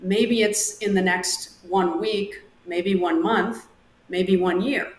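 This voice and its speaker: A woman performance coach, a guest on an interview podcast, explaining her method in a measured, deliberate way. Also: medium pitch, fairly even intonation, reverberant, low-quality recording. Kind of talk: interview answers, coaching advice.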